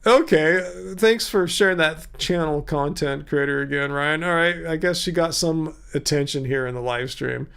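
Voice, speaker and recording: A man's voice: fairly high pitch, normal speed, gravelly, few pauses, a bit bright, smooth. A tired man in his fifties hosting a casual livestream, rambling as he answers viewers' comments by name. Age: 50s. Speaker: livestream host.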